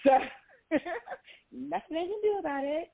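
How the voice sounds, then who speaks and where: Guest, woman in her 40s, Valley girl sound, lively raconteur, tinny phone-line audio. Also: high-pitched, moderate pace, creaky. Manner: animated, laughing storyteller with a Valley girl way of talking. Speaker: podcast guest. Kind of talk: storytelling in a casual interview.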